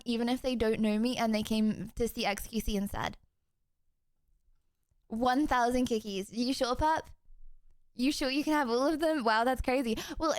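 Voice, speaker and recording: A woman's voice: sits high, no echo, clean studio sound. A young woman from Texas streaming live, chatting with her viewers in a giggly, casual way, with music playing behind her. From Houston, Texas. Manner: giggly, chatty, talks to chat. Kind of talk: casual livestream chat. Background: background music.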